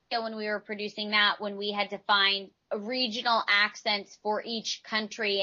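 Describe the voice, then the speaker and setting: Bright-voiced woman, chatty voice actress. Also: medium pitch, lo-fi sound. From Texas. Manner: chatty, rambling explanations with restarts. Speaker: voice actress, guest. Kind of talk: casual interview answers.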